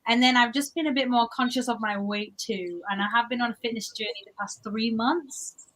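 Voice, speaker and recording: A woman's voice: on the high side, a little fast, rough recording. A young woman from England with an English accent, chatting casually as a guest on a livestream interview. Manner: chatty, animated, lots of likes and restarts.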